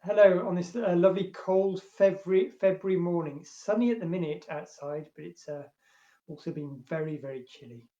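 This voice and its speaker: A male librarian chats casually from his home and reads love poetry aloud, his voice growing louder and fuller as he recites. The room rings a little around him. The recording sounds slightly muffled. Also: sits high, fairly quick. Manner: chatty, many fillers, swells louder when reciting. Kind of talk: casual chat and poetry reading. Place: at home, indoors. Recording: roomy, dull home recording.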